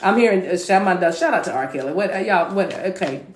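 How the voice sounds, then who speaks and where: Speaking fast in a lowish, animated voice, this woman reads tarot cards live for her audience. She's chatty and tends to repeat herself, now and then breaking into tongues. The room she's in has a noticeable echo.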